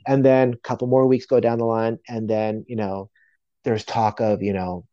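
Male guest, casual storyteller, mellow tone, filler-heavy delivery; dull lo-fi capture. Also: fairly low pitch, level tone, moderate pace, no echo. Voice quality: frequent "you know" fillers. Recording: dull lo-fi sound.

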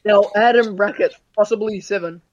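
A man on a casual group podcast call, blunt and quick to correct the others. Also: high-pitched, steady tone. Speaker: podcast co-host. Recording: dull, dry lo-fi mic.

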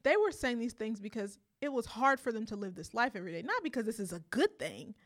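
Gravelly-voiced woman thinking aloud. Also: a little high, big pitch swings, fast. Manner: reflective, thinks aloud with many likes. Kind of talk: casual chat.

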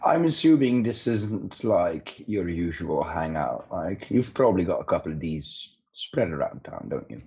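A man voicing a guarded female rogue bargaining with a crime boss, measured and probing. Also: deep voice, big pitch swings, mellow, husky, exaggerated voice. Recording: muffled lo-fi mic.

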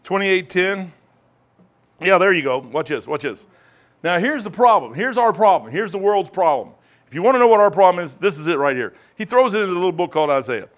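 A man's voice: high-pitched, lively intonation, fairly quick. Rambling man pastor teaching Bible study. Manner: rambling, conversational, peppers talk with "man".

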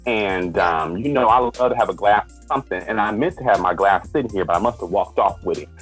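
A man's voice: lowish voice, a little fast, husky, soft background music. A man hosting a podcast in a playful, chatty way, calling his listeners darling and girlfriends. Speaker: podcast host. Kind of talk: casual podcast chat.

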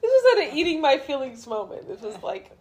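A young woman with a high, lively voice chats casually on a podcast, rambling through a self-mocking story. She laughs often as she talks, and a faint noise sits behind her. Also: brisk. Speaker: podcast co-host. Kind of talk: casual chat.

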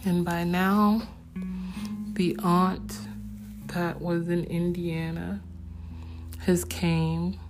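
Woman, storyteller vlogger; gravelly, flat-toned low voice, unhurried, subdued and reflective, over soft guitar music. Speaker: vlogger telling her family story. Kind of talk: personal storytelling. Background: soft acoustic guitar music.

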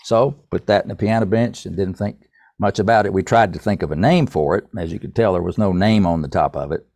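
An older man tells a story from his past as a podcast guest. He sits low in his range and speaks in an easygoing, folksy way. The sound is dry and close, with no room around it. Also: a little mellow, dry recording. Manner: folksy, unhurried, addresses the host by name. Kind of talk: casual storytelling.

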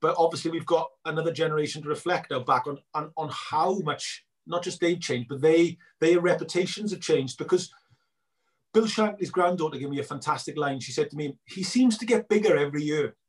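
Man, middle-aged, animated storyteller, husky, quick delivery. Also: fairly high pitch. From Wales. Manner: animated storyteller acting out both sides of conversations. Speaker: guest filmmaker. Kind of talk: casual interview chat.

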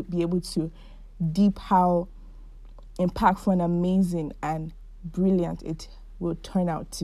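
A woman's voice: fairly low pitch, no echo. A woman in her twenties hosting her own podcast, talking through her feelings in a heartfelt, chatty solo monologue. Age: 20s. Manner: warm, heartfelt and chatty, with frequent likes. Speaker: podcast host.

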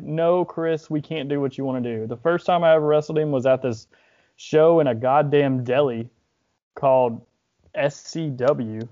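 A man's voice: mid-range voice, darkish tone, muffled recording. A young man on a podcast, talking in a loose, rambling way with lots of filler and swearing, sounding grief-stricken and close to tears. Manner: rambling, heavy use of filler "like", frequent swearing. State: grieving, holding back tears. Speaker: podcast host, wrestler. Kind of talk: casual podcast talk.

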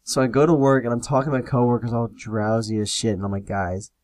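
A man's voice: medium pitch, little pitch movement, fast talker, darkish tone, no echo. Young man, podcast host, casual storytelling, rambling, profane, laid-back, dry room.

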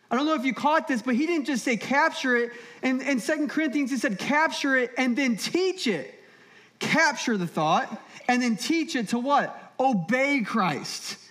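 A man in his thirties with a fairly high voice preaches to a church congregation. He tells stories with lively, humorous energy. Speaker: pastor. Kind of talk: sermon. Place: church auditorium.

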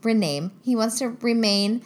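Young woman podcast co-host, chatty and giggly, mid-pitched, casual banter. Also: normal speed. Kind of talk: casual chat.

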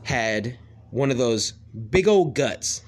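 A man's voice: medium pitch, expressive, takes it slowly. A man in a casual ranting monologue, swearing freely and rambling with lots of "like" fillers. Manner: profane, rambling, heavy "like" fillers.

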